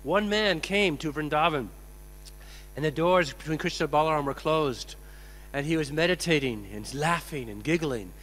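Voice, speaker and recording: A man giving a sermon as a swami, telling stories in an animated way and acting out the quotes. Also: fairly high pitch, moderate pace. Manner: animated, acts out quotes, laughs. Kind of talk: sermon with storytelling. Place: temple hall. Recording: echoey hall with mains hum.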